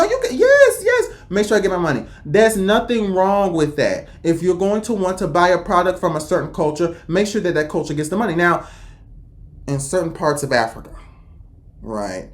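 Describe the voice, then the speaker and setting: A woman from the United States giving blunt, opinionated reaction commentary, with an emphatic delivery and sudden jumps in pitch. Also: expressive, a little fast. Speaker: reaction video host.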